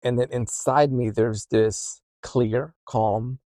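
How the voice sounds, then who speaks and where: A man's voice: medium pitch, fairly even intonation, takes it slowly, dry recording. A man working as a therapist hosts a podcast, explaining ideas in a conversational way and often checking in with "right?". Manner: grows quieter and softer when describing intuition.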